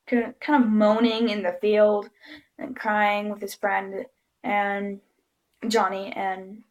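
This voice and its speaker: A woman vlogger telling a story to camera in a casual, chatty way, often giggling and acting out what people said. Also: mid-range voice. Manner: giggly, chatty, animated quoting.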